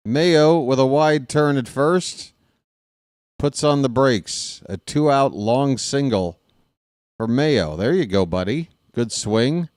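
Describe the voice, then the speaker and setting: A man calling a baseball game on his own stream, chatting casually between pitches and cracking small jokes. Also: lively intonation, slow pace, a little mellow, no room sound, clean studio sound. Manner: casual, self-deprecating, jokey between pitches. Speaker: fan play-by-play broadcaster. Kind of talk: solo baseball play-by-play with chatty asides.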